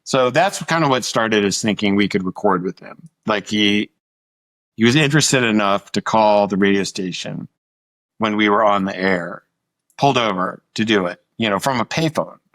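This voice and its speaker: A man's voice: on the low side, moderate pace, a bit bright, no room sound. A middle-aged man from Montana, a musician guest telling anecdotes in an interview, acting out quoted dialogue and swearing casually. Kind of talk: storytelling interview.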